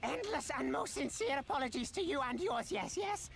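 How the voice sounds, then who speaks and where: A woman voicing a small, fawning catfish creature in a video game, squeaky and apologetic, repeating her words in pairs. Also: animated, normal speed, creaky, faint music behind.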